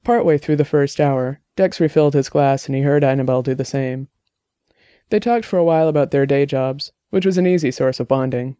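A man's voice: mid-range voice, fairly quick, warm tone, clean tone, no room sound, studio quality. A man narrating a novel in a podcast, reading steadily and evenly. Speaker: audiobook narrator.

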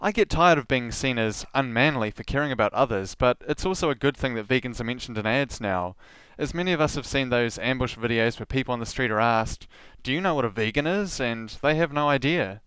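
A man's voice: mid-range voice, fairly quick, hardly any pauses, fairly bright tone, smooth, no room sound. A man hosting his own podcast, reading a scripted narration in an earnest tone with dry, wry asides. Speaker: podcast host.

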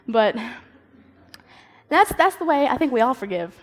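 Speaking briskly in a gravelly, medium-pitched voice, a young woman leads a relaxed devotional for a youth group. She stays lively throughout, performing quoted voices and chuckling at her own expense.

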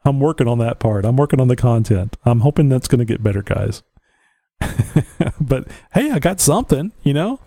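Here a Southern-accented podcast host, speaking at a medium pitch, sounds very animated and dark-toned at a moderate pace. He rambles casually, offering blunt opinions and laughing at his own remarks, recorded on a home podcast mic with no room sound.

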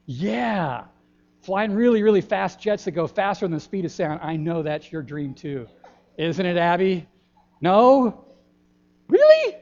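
Older pastor, dull lo-fi church recording. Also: male voice, high-pitched, big pitch swings. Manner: folksy, gentle, pausing with ums. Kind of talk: children's sermon. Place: church sanctuary. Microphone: handheld microphone.

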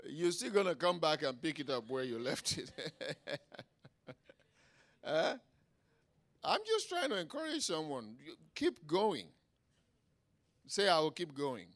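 A man preaching a sermon emphatically, swinging between quiet asides and loud exclamations and checking in with his listeners. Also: on the high side, sing-song, slow, long pauses. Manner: engages the audience with "Huh?" and "Is anybody getting anything?".

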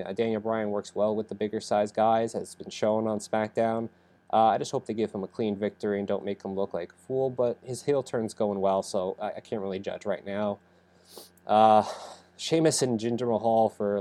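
A young man with a low, mellow voice gives a casual podcast recap while sick. He rambles, stacks up fillers and corrects himself mid-sentence. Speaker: podcast host reviewing wrestling.

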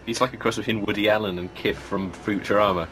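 A man's voice: fairly low pitch, fairly even intonation, fast talker, a bit bright. A man in casual chat about a TV show, talking thoughtfully with hesitant restarts.

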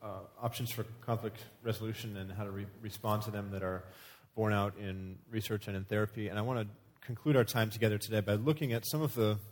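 Measured man teaching a church class. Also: lowish voice, steady tone.

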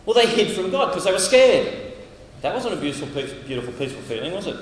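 A high-voiced Australian man preaches in a large, echoing hall, his voice carrying a long reverb. He is animated and dramatic, switching into little acted voices for the figures in his passages. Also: fast, slight background noise. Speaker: camp speaker. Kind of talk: sermon. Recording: echoey hall, heard from a distance.

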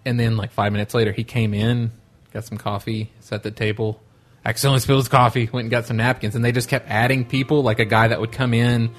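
A man's voice: mid-range voice, flat delivery, fast. A man co-hosting a podcast, telling a long rambling story in casual chat and laughing often. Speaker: podcast co-host.

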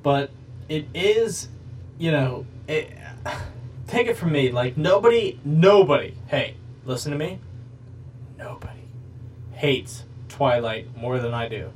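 A man's voice: on the high side, lively intonation, slow, pauses often, darkish tone, far from the mic, slight background noise, low-quality recording. A man hosting a podcast, rambling through crude comedic bits in casual chat. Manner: jokey, rambling, crude humor. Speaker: podcast host.

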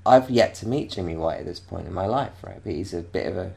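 A man's voice: sits low, lively intonation, fast talker, vocal fry, a little mellow. A man from England telling a rambling anecdote in casual chat, often restarting and laughing. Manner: rambling, self-interrupting, laughing storyteller.

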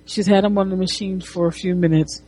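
Low husky woman recapping a comic. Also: steady tone, a little fast, mellow. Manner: rambling, with frequent restarts and swearing. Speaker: comic reviewer. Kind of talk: casual retelling of a comic.

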